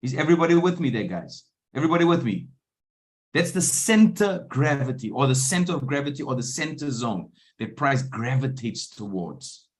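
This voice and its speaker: A man coaching a live online trading room, often pausing to ask whether his listeners are following. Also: mid-range voice, sing-song. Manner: keeps checking in with listeners. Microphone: video call.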